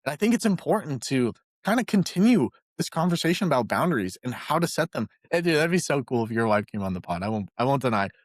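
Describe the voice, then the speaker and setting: A man co-hosting a podcast in casual chat, telling stories with animated delivery and acted-out voices. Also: mid-range voice, fast talker, few pauses, no room sound, clean studio sound. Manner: animated storyteller, voices characters in jokes. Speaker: podcast co-host.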